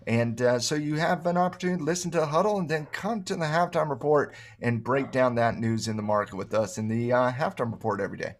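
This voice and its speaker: A man's voice: mid-range voice, fast, few pauses. Enthusiastic rambling male co-host. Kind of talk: casual promo chat.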